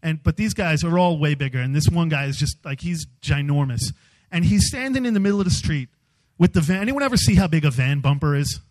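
A man speaking as a youth speaker, giving a humorous storytelling sermon in an animated, self-mocking way. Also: a little high, brisk, poor audio.

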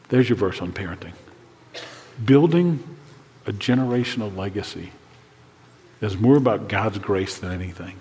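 An older man preaching a sermon to fathers, earnest and dropping to a hushed voice when praying. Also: fairly low pitch, moderate pace, long pauses, long reverb tail. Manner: earnest, drops to a hushed voice for prayers. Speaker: pastor.

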